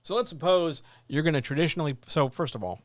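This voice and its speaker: A man hosting a live writers' Q&A stream, giving blunt, animated advice in a casual, jokey way. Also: fairly high pitch, fast, dry recording.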